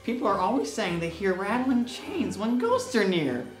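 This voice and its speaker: A man's voice: high voice, big pitch swings, moderate pace, roomy sound, soft background music. A man playing a male ghost who once scared villages and now giggles at his own corny jokes. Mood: goofy.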